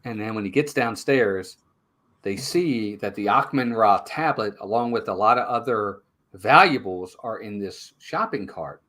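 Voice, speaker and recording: On a movie review show, a man whose voice is on the low side speaks a little slowly. He's a casual co-host and animated storyteller, performing the characters' lines while retelling the plot.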